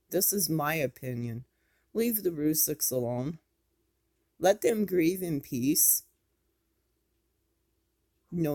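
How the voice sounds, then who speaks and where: A woman's voice: fairly low pitch, darkish tone. A woman, speaking in an impassioned, scolding commentary vlog. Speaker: YouTube commentator.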